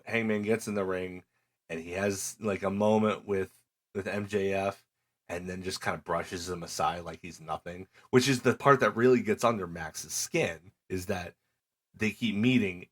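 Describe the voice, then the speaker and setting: Deep-voiced man recapping wrestling. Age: middle-aged. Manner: animated storyteller, acts out quoted lines. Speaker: podcast co-host. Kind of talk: casual chat recapping wrestling.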